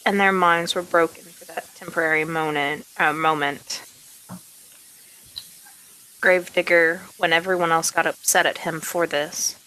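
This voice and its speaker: Lady doing a serious guarded woman, slow careful lines, lowish voice. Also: fairly even intonation, pushed and bright, rough recording. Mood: grave. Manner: slow, deliberate and measured. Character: grave, guarded woman speaking in confidence.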